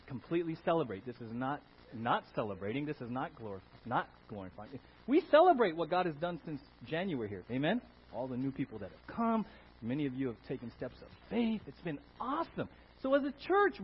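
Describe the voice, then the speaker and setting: A male pastor preaching an animated sermon and calling for amens, on a dull lo-fi recording. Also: high voice, husky. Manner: animated, calls for Amen from the congregation.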